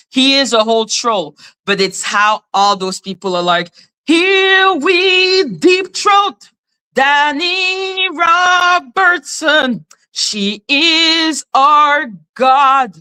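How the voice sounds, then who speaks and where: A woman's voice: mid-range voice, bright, forceful tone, clear, resonant tone. A woman hosting a commentary stream, reacting to clips with profane, sarcastic mockery. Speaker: commentary channel host. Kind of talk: reaction commentary on a livestream clip.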